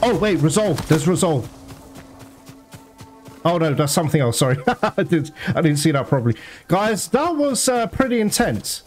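Excitable gamer swearing. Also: male voice, a little high, normal speed, faint music behind. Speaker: gameplay streamer. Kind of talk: live gameplay commentary.

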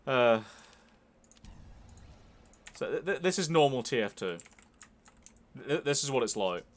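A man's voice: mid-range voice, very animated, unhurried. A young man giving casual, sweary, joking commentary while streaming a game.

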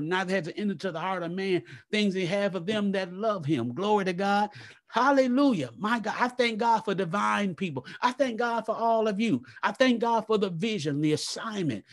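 A man preaching a live church sermon, fervent and repetitive, praying aloud between points and swinging from a low murmur to loud exclaims. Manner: fervent, repeats "come on now" and "glory to God". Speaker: pastor.

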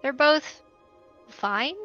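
A woman guest calmly explaining draft strategy on a casual game stream, laughing often. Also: high-pitched, extremely slow, muffled recording, faint music behind.

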